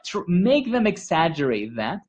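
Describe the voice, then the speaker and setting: A man leading a pronunciation workshop, modeling sounds by stretching them out slowly and repeating them. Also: a little high, very animated, background noise. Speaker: pronunciation instructor. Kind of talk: teaching a live workshop.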